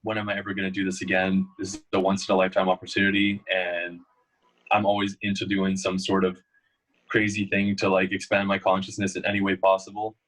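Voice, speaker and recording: A man's voice: low-pitched, monotone, fairly quick, fairly bright tone, poor audio. A young man, a guest in a casual interview, telling rambling stories full of fillers. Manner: storytelling, loose and rambling with many fillers.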